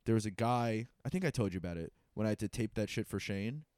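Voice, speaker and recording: A man, a stand-up comedian co-hosting a podcast, telling stories in casual, profane, animated chat. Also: fairly low pitch, fast, clear, resonant tone, no echo, studio quality.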